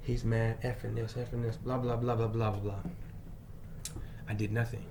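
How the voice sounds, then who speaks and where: A male teacher telling a personal story in an emphatic way, moving between loud bursts and quiet asides. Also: fairly low pitch, flat delivery, normal speed, pauses often, noisy background. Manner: frequent fillers and restarts.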